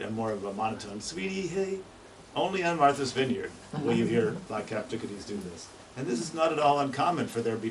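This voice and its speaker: A man talks through birdsong in an easygoing, enthusiastic way and now and then mimics a call. His voice sits at a middle pitch. He stands a little back from the mic, and steady noise runs under him. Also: recorded from a distance, rough recording. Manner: chatty, enthusiastic, imitates bird calls. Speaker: birding presenter. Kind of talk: informal talk on birdsong.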